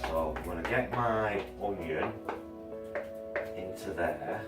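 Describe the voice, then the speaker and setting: A chatty man walks through a recipe at home, rambling along with plenty of filler words. His voice is fairly low and sits a little back from the mic. The kitchen sounds roomy, with clear music playing behind him. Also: slow pace, far from the mic. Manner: rambling, chatty, many ums and uhs. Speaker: cooking channel co-host. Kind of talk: casual cooking demo chat.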